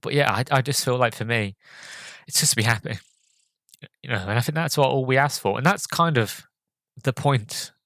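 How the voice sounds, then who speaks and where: Talking through a film review, this man hosting a podcast hesitates, stumbles over plenty of fillers, and is clearly emotional to the point of choking up. His voice is medium-pitched and a bit bright, recorded with no room sound.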